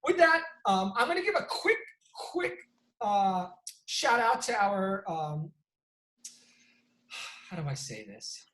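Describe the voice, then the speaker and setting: Animated male sports show host. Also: sits high, slow, long pauses, echoey room, rough recording. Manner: animated storyteller, frequent restarts. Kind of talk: casual sports debate.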